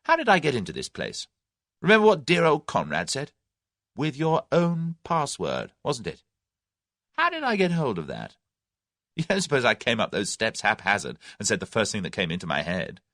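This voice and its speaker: A cocky young English adventurer, as a male narrator plays him, talking with breezy, scornful confidence and a lively rise and fall. Recorded close and dry. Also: medium pitch, moderate pace, no room sound, pitched above the performer's own voice. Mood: confident. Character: cocky young Englishman bluffing his captors.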